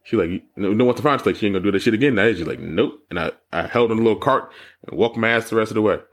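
A man co-hosting a podcast in casual chat, telling stories with lots of profanity and jumping high when he mocks people. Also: racing. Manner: animated storytelling, profane, jumps high when mocking. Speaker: podcast co-host.

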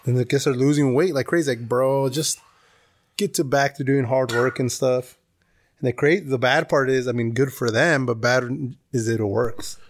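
Sex: male. Role: podcast co-host. Style: casual chat. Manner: chatty, rambling. Pitch: middle. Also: steady tone, normal speed.

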